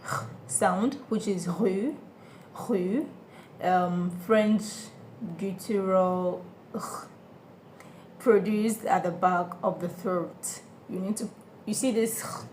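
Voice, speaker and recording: Woman teacher, beginner language lesson, very slow deliberate delivery, faint room hiss behind. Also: medium pitch, steady tone, a little mellow. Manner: patient, repeats each sound slowly and checks understanding. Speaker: French teacher.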